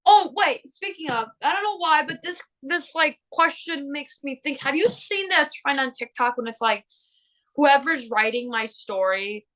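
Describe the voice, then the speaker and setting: A young woman guest on a podcast talks over a remote call. Her slightly high voice rambles from one thought to the next, with frequent giggles in a loose, scattered manner. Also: expressive, moderate pace, hardly any pauses, pushed and bright, rough recording. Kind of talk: casual chat.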